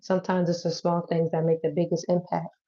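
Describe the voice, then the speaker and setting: Woman, chatty tarot reader, relaxed dark tone, muffled lo-fi sound. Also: lowish voice, fairly quick. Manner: loose, chatty, swears and laughs easily. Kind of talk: casual tarot reading to camera. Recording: dull lo-fi audio.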